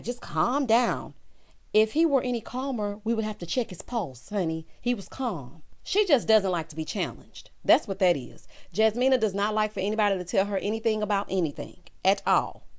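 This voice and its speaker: Woman, thirties, sassy, animated, casual recap commentary, acts out quotes. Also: medium pitch. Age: 30s. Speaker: reality TV recap host.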